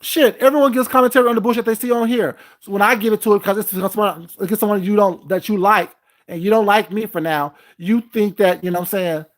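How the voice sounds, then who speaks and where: A man's voice: high voice, fairly even intonation, brisk. Male vlogger, angry confrontational rant, heavy swearing, recorded at home. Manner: heated, profane, confrontational. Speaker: vlogger host. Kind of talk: ranting vlog commentary.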